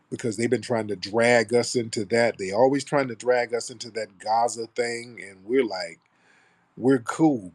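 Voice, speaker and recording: A man's voice: medium pitch, slightly rough. Blunt, mocking male radio host. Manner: blunt, mocking, rambling asides. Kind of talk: political commentary livestream.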